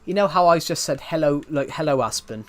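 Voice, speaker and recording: A man's voice: a little high, brisk. A young man from the UK with a British accent that is not from London. He chats casually on a game live stream, rambling, repeating himself and saying "um" often. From United Kingdom. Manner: rambling, repeats himself, frequent "um" and "if you get what I mean".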